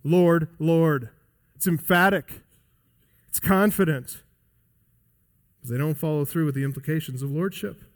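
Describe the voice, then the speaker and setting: A male pastor preaching a sermon emphatically, swinging between loud high emphasis and quiet low drops. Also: moderate pace, long pauses, in a large hall. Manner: emphatic preaching with wide swings in pitch and loudness. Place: church sanctuary.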